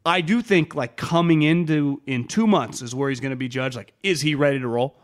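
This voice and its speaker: A man co-hosting a sports talk podcast, with a voice pitched a bit high for a man. He talks in a lively, animated way and keeps slipping into quick impressions of the players he is quoting. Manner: animated, quotes players in mock voices, many restarts.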